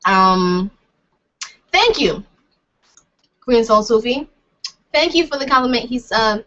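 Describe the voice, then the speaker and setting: A young woman with a fairly high, sharp voice replies to viewer comments in a loose, meandering chat, often laughing and poking fun at herself. The recording sounds dull and lo-fi.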